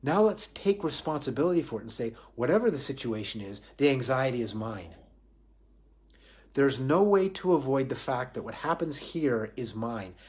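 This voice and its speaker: A man's voice: medium pitch, expressive, normal speed, a little mellow. Reflective man giving a spiritual talk. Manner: reflective, repeats and restarts phrases, asks himself questions. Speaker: spiritual teacher. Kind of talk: Facebook Live spiritual talk.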